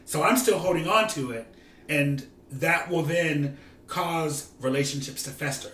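A man's voice: on the high side, a little slow, bright, forceful tone, recorded from a distance. Earnest man in an echoey room, off-mic. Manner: earnest, reflective explainer who thinks aloud. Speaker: podcast co-host. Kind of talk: casual chat.

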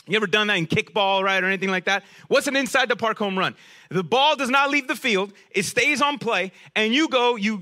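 Male pastor, high bright voice, animated preaching to the congregation, dips low and soft for emphasis. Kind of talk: sermon.

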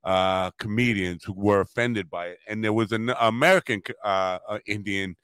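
A man's voice: fairly low pitch, a bit bright, clear, resonant tone, no room sound. A male podcast host in casual chat, curious and joking, with many fillers. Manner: curious, filler-heavy, quick to joke.

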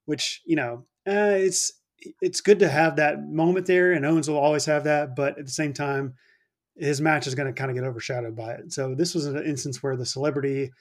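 Easygoing man, slightly high voice. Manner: easygoing, hedging. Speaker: podcast co-host. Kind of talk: casual wrestling chat.

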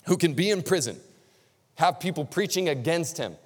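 A man's voice: fairly high pitch, expressive, normal speed. A male pastor preaching a sermon in a conversational, emphatic way, repeating key lines for stress. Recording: long reverb of a large hall.

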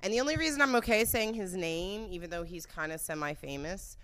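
A woman's voice: lowish voice, a little fast, a bit bright. A young woman telling a candid, profane dating story in casual chat, giggling as she goes.

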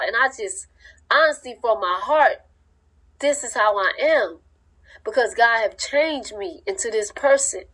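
In a low-quality recording, a woman with a fairly high, fairly bright voice preaches with fervent, emphatic cadence. Her sermon-style teaching is informal, and she drops verb endings as she speaks.

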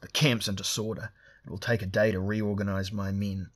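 A man's voice: on the low side, flat delivery, moderate pace, natural voice. A man voicing a furious barbarian warlord who barks orders. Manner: roaring, commanding. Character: raging barbarian warlord, gruff and commanding.

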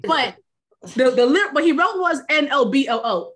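A woman's voice: high-pitched, lively intonation, normal speed, fairly bright tone. A woman from New York co-hosting a podcast, ranting in casual, profane chat. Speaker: podcast co-host.

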